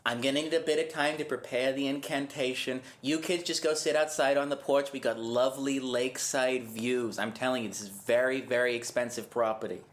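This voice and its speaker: A man's voice: mid-range voice, steady tone, a little fast, hardly any pauses, close to an everyday voice. A man doing a gossipy Massachusetts witch lady. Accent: Massachusetts, put on. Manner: gossipy, doting, calls everyone honey. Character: chatty middle-aged suburban witch woman. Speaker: podcast co-host doing improv. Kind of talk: comedy improv role-play.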